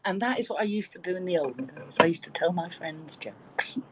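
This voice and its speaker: A woman telling a joke with lively, animated delivery and some swearing in a casual online chat. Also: lowish voice, brisk, a little hiss or hum, rough recording. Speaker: participant in an online audio chat room.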